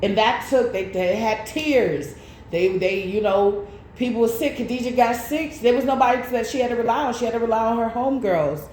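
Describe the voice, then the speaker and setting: Animated woman in an echoey room. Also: on the high side, fairly quick. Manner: animated storytelling with slang. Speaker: tarot reader. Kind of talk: casual chat. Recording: echoey room with faint noise.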